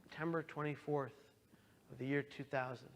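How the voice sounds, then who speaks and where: A man telling his own story as a dramatic testimony, impassioned and pleading, swinging from hushed lines to loud outbursts. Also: mid-range voice, steady tone, normal speed, gravelly. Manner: pleading, directly addresses listeners. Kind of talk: dramatic personal testimony talk.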